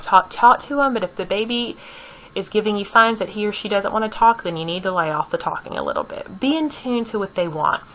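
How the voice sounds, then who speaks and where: Bright-voiced woman lecturing. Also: medium pitch, a little hiss or hum, rough recording. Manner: conversational, repeats key points, checks in with "okay?". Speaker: early childhood lecturer.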